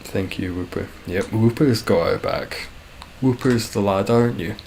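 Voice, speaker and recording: A man chatting casually and dryly while live-streaming a game, describing his own voice as monotone. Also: fairly low pitch, unhurried, creaky, slight background noise. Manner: dry, self-deprecating, calls his voice monotone.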